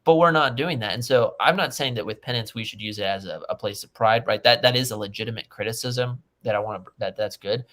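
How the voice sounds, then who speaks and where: A man speaking as a guest on a video-call panel chat, explaining in an earnest way with quick restarts. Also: mid-range voice, a bit bright. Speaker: podcast guest.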